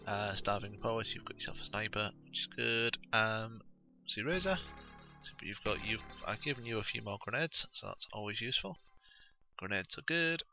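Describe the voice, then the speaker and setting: A man's voice: on the low side, lively intonation, normal speed, creaky, over music. A man giving rambling, casual let's play commentary, full of ums and uhs.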